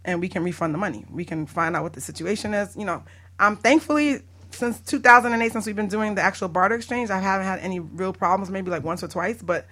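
Woman, bright, chatty, animated, laughs a lot, podcast broker talk. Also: mid-range voice, fast talker. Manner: animated, laughs often, acts out callers. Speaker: barter exchange broker. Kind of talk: casual podcast chat.

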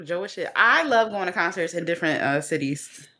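A woman's voice: fairly low pitch, normal speed. A young woman in her twenties, co-hosting a casual chat and telling stories with lots of laughter and cursing. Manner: animated storytelling with frequent laughter and profanity. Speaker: podcast co-host.

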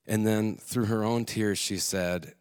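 Male storyteller, earnest and candid, slightly low voice, tells a personal story to an audience. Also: steady tone, takes it slowly, a little mellow, clean tone. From Alaska. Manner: candid, earnest, with casual swearing and restarts. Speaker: speaker telling a personal story on stage.

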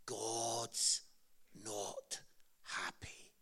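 A Scottish man voicing a stern old-school male preacher who makes low, hushed, ominous pronouncements. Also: steady tone, extremely slow, heavily acted.

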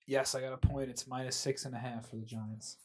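A man's voice: mid-range voice, little pitch movement, a little fast, darkish tone, slightly rough. Male regular, casual sports chat, teasing, announces each result.

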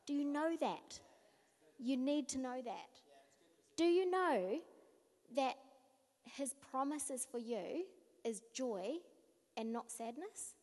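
A woman giving a short, earnest sermon talk to a group, her voice sometimes sinking low and soft. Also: lively intonation, slow pace, pauses often. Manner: earnest, searching, drops to a near whisper. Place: church hall. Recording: echoey hall with long reverb.

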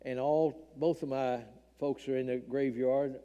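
A man's voice: mid-range voice, little pitch movement, unhurried, dark tone, smooth, muffled recording. An older man from Tennessee, earnestly and emotionally telling a personal testimony in a church talk. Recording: long hall reverb.

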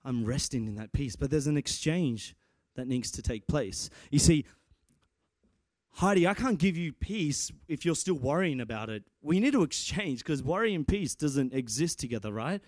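A young man delivering a church sermon, his voice sitting a little high for a man. He talks in an animated, excitable way, tripping over restarts and rising into shouts. The sound is close and dry. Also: moderate pace, no room sound. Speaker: preacher and church guitarist.

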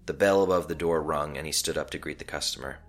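Storyteller, male, very deep voice, calm measured narration, faint music bed.

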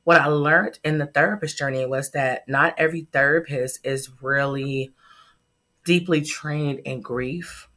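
A woman's voice: low voice, fairly even intonation, unhurried, a bit bright. A middle-aged woman, a startup founder, telling a heartfelt personal story in a podcast interview.

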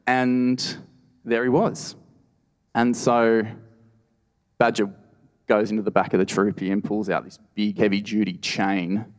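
A man's voice: lowish voice, flat delivery, a little slow, long pauses. Wry Australian man telling a story live. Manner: wry, conversational, lots of "you know". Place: stage at a live storytelling event. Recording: reverberant live hall.

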